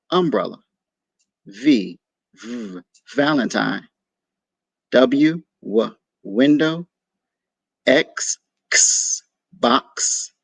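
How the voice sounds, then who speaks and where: A man teaching young children a phonics lesson, sounding out letters slowly and patiently and praising their answers. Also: mid-range voice, vocal fry, breathy edge, no echo.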